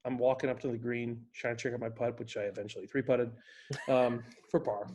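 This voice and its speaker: A man guest on a casual podcast, telling a long animated golf story in a rambling way. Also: mid-range voice, brisk, a little hiss or hum.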